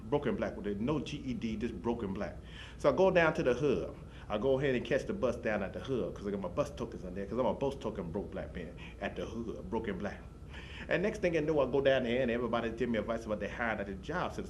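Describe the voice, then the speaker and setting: A man's voice: on the low side, a little hiss or hum. A man telling a rambling comic story, piling up run-on tangents and repeated catchphrases. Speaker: comedian.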